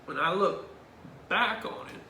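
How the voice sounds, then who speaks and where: Male Bible study leader, storytelling, emphatic, bright forceful voice. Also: sits high, expressive, unhurried, gravelly, echoey room, slight background noise. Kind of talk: personal storytelling.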